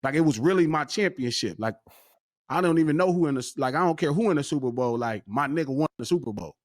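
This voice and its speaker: A man tells a story in casual chat. His voice sits somewhat high and jumps around with lively pitch. He acts out the quoted dialogue as he goes. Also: quick pace. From West Coast US. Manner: animated, excitable storytelling, acting out quoted dialogue. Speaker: podcast guest.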